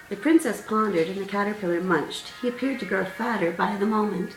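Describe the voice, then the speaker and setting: A woman author reading aloud from her own storybook in a gentle, measured way. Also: medium pitch. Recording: roomy sound, distant mic, faint music.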